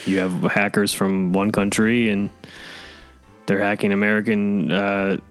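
Flat, low, halting comic panelist. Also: male voice, soft background music. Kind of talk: comedic panel chat.

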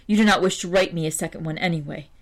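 A woman's voice: fairly low pitch, very fast, close to an everyday voice. A woman reading as a lonely, offended poor woman. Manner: pleading, offended insistence. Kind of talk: audiobook reading.

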